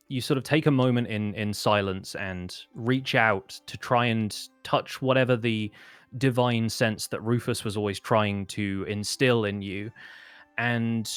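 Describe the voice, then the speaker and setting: A man's voice: medium pitch, smooth, dry recording. A man narrating a tabletop game as game master, rambling with many fillers and restarts.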